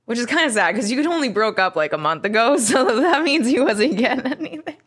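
A woman's voice: a little high, lively intonation, brisk, a bit bright, slightly rough. A young woman co-hosting a podcast, chatting candidly, swearing freely and laughing often. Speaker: podcast co-host. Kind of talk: casual podcast chat.

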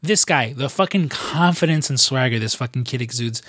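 A podcast co-host tells stories in a casual chat, loose and profane, with plenty of filler words. His mid-range voice has a fairly bright tone at normal speed, captured in a dry, clean studio recording.

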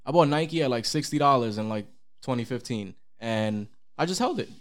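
Animated, profane man on a podcast. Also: normal speed. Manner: animated, profane, swings pitch when quoting. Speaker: podcast co-host. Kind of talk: casual podcast chat.

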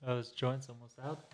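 A man's voice: mid-range voice, darkish tone. A man chatting casually as a guest on a friends' podcast, tossing in jokes and laughing along. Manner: laid-back, joking interjections, laughs often. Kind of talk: casual chat.

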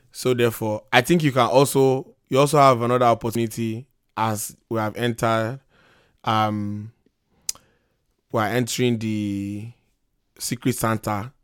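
A man's voice: fairly low pitch, moderate pace, smooth, no room sound, studio quality. Teasing young man. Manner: teasing, loud and excitable, slips into Nigerian pidgin. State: losing his voice. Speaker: podcast host. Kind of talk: casual podcast banter.

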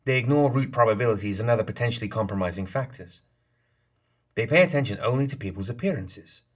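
A man's voice: mid-range voice, fast talker, pitched above the performer's own voice, close to an everyday voice. A man reading the lines of a sly, smug female geisha leader in an audiobook, playful and knowing in tone. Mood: smug, teasing.

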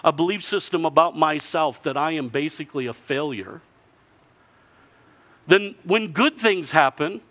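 A man preaching a sermon, telling a story with lively delivery and answered by the congregation. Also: a little high, measured pace. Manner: lively storytelling, acting out villagers in character.

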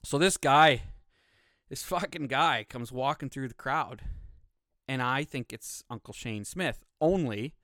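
A man's voice: mid-range voice, a little slow, sharp tone, dry recording, clean studio sound. A man from Canada, hosting a podcast and telling stories in a blunt, heavily swearing, casual way. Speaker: podcast host. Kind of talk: casual profane storytelling.

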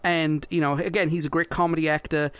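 A man's voice: fairly high pitch, flat delivery, fairly quick, a bit bright, clean tone. A man co-hosting a podcast in casual chat, often restarting and repeating his words. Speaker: podcast co-host.

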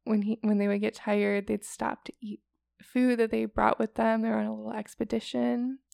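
A woman's voice: fairly high pitch, flat delivery, moderate pace, vocal fry, darkish tone, dry recording. A tired woman co-hosting a podcast, telling a story in casual chat with lots of "like" and "um".

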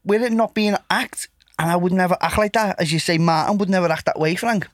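Earnest, reflective boxer talking candidly. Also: male voice, high voice, fairly even intonation, fast talker, dry recording, studio quality. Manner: earnest, reflective, repeats stock phrases. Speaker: boxer guest. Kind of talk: casual chat.

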